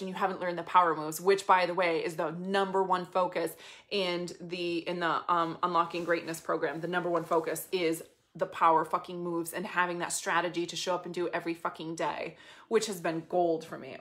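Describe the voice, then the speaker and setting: A woman coach talking casually and bluntly to her viewers, swearing freely and in an animated way. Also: fairly low pitch, fairly quick. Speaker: business coach. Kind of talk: casual motivational talk to viewers.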